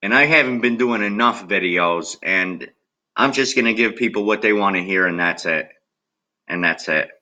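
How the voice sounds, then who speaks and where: A man's voice: fairly low pitch, normal speed, bright, forceful tone, low-quality recording. A man ranting angrily to camera as a political video blogger, swearing constantly and addressing viewers directly. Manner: agitated, heavily profane, talks straight at viewers. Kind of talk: angry rant to camera.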